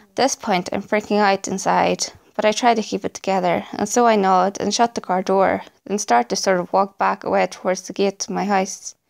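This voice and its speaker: A woman's voice: medium pitch, vocal fry. A woman reading true creepy stories aloud in a dramatic storytelling manner. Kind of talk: scripted narration.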